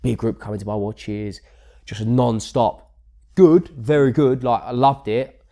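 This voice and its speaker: A man's voice: mid-range voice, measured pace. A man with a London accent, part of a jewellery business, chatting casually about busy days in the shop and repeating himself as he goes. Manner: rambling, repeats words, quiet and trailing. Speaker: jewellery shop partner, guest. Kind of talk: casual podcast chat.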